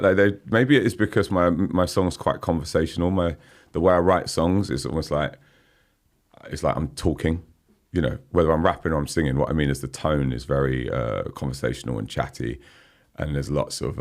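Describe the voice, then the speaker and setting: A man in his forties, a guest musician chatting casually in a podcast interview, laughing often and saying "you know what I mean" a lot. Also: very deep voice. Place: podcast studio.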